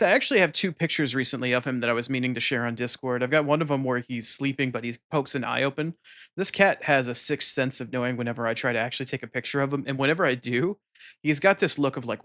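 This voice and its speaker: Chatty male streamer, soft cooing asides. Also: mid-range voice. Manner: chatty, coos softly while petting his cat. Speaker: video game streamer. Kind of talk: casual live-stream chat. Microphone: desk microphone.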